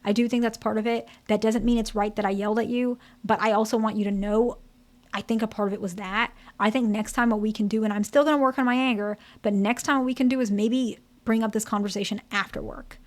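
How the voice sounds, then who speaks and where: A woman's voice: on the high side, fairly even intonation, fast, close to an everyday voice. A woman acting out a remorseful adult husband who is apologizing earnestly in a teaching example.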